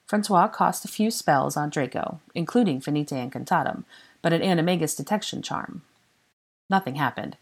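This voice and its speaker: A woman reading a fan-written novel aloud as narrator, expressive and unhurried. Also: sits low, breathy edge. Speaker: fan audiobook reader. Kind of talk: storybook narration.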